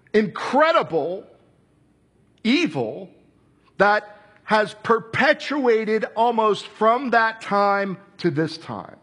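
A sermon comes from a man whose voice is high and husky. Full of animated energy, he tells the story and shifts into the voices of the people he quotes.

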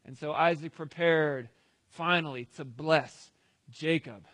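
A preacher with a slightly high voice retells a scripture story in a loose, conversational way, dropping casual asides as he goes. The sound is dry and close. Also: slow pace, a bit bright, no room sound. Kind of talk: storytelling sermon.

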